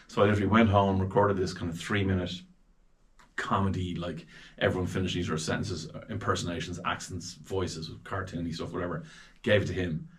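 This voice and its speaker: As a guest in a casual chat, an Irish man in his forties tells lively anecdotes, bringing the people he quotes to life with their voices. He speaks with a deep voice at a fairly quick pace.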